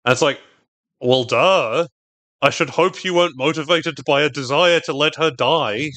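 A man's voice: a little high, moderate pace, fairly bright tone, dry recording. A man co-hosting a podcast, recapping a TV episode in wry, sardonic, talkative chat. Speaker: podcast co-host.

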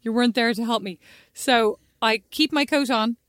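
A young woman with an Irish accent, co-hosting a casual chat and telling an animated, self-mocking story, acting out voices as she goes. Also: on the high side, moderate pace, no room sound, clean studio sound. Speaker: podcast co-host.

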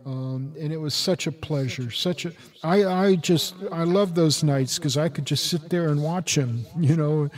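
A man's voice: on the high side, a little slow, few pauses. An older man co-hosting a casual chat, rambling and restarting sentences as he reminisces. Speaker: podcast co-host.

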